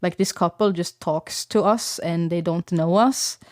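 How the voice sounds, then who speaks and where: A woman's voice: on the low side, unhurried, a little mellow, no room sound, clean studio sound. A young woman from Sweden, chatting casually and rambling to her stream audience with lots of fillers.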